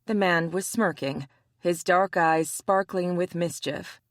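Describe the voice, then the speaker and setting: Slow, measured female audiobook narrator. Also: on the low side, dry recording, clean studio sound. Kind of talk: scripted narration.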